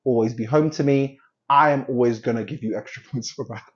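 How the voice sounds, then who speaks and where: A man's voice: mid-range voice, fairly quick, lo-fi sound. A man from London hosting a casual commentary, rambling and joking at himself, often trailing off and restarting. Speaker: host.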